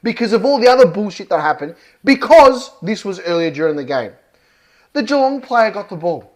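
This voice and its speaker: A man's voice: sits high, very animated, fairly quick. An Australian man ranting through a heated football match review, worked up, swearing and hammering his points. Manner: worked up, swears often, punchy and emphatic. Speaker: football fan vlogger.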